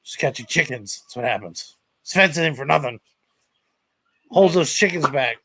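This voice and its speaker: A man's voice: on the high side, lively intonation, normal speed, bright, forceful tone, slightly rough, dry recording. A man co-hosting a casual chat show, joking and wry. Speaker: podcast co-host.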